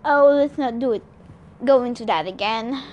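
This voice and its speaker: A woman's voice: on the high side, moderate pace, highs cut off, lightly acted. A woman voicing a prim scolding female snake. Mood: chiding. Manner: prim, chiding.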